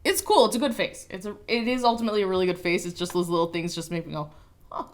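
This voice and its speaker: A young adult woman co-hosting a toy review show, joking and chatting in a lively, casual way. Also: lowish voice, very fast. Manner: playful, joking and animated.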